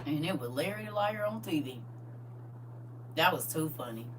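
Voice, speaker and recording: This middle-aged woman has a deep voice and talks at a moderate pace as she hosts a livestream, casually recounting a story to viewers. She's animated, laughs often, and acts out the quotes. A faint hum accompanies the distant mic.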